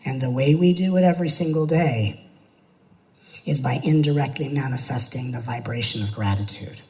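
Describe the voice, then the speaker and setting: A man's voice: mid-range voice, moderate pace, darkish tone, rough recording. A man, a spiritual teacher, giving an earnest talk to an audience, building his points through repetition and now and then slipping into playful mimicry.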